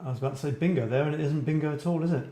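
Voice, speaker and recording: A man's voice: a little high, racing, warm tone. Rambling, chatty Scottish-born man in an echoey room. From Scotland. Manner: rambling, self-interrupting, chatty with viewers. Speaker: host of a creative writing show. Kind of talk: casual live-stream chat.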